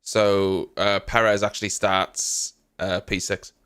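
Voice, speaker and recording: A man's voice: sits low, little pitch movement, takes it slowly, a bit bright, clear, resonant tone. A man hosting a live stream early in the morning, still half asleep, drowsily chatting with viewers and greeting them by name. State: sleepy, just woken up. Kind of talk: casual live reaction chat.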